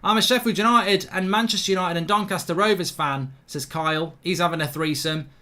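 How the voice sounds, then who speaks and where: With a high-pitched voice and a fairly quick delivery, a man runs a live football watchalong. He reacts to the action, reads viewers' comments, and stays excitable and blunt, cursing freely.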